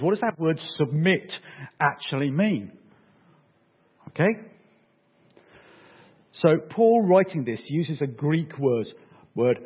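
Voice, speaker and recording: A man's voice: a little high, husky, narrow, tinny audio. A man preaching a sermon in a casual, conversational way, often checking in with his listeners.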